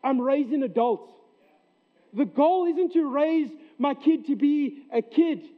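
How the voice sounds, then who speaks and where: Male pastor, high voice, emphatic sermon delivery, tinny lo-fi recording. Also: animated, slow pace. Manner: earnest, emphatic preaching with repeated phrases. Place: church sanctuary. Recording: tinny narrow-band recording.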